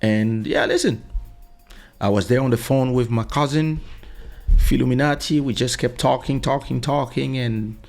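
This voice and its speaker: Recorded on a studio USB mic in his home office with soft music behind, a male podcast host speaks at normal speed in a mid-range, slightly mellow voice with vocal fry. He tells a personal story casually and insistently, often repeating "listen" to make his points land.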